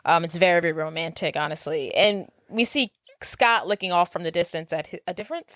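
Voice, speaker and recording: A woman co-hosting a podcast who narrates a movie's plot at a steady pace and chimes in with short agreements. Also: on the low side, brisk, no room sound. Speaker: podcast co-host. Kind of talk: casual movie recap chat.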